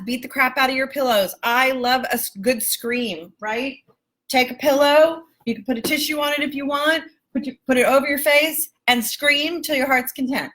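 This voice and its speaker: A woman life coach speaking live to her viewers, emphatic and affectionate, calling them baby and my love and swearing casually. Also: high voice. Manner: warm, emphatic, calls listeners baby and my love. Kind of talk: live-stream coaching talk.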